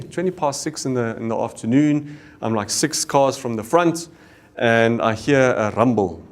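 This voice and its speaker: A middle-aged man with a South African accent speaks to a room of leaders in an earnest, storytelling way. His voice sits at an ordinary middle pitch. He slips in the odd Afrikaans exclamation as he goes. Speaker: business leader. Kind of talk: leadership talk.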